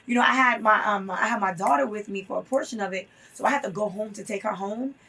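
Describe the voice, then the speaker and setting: A woman's voice: medium pitch, fast, bright, forceful tone, husky, recorded from a distance. A woman guest telling a story in an interview, earnest and impassioned, repeating phrases for emphasis.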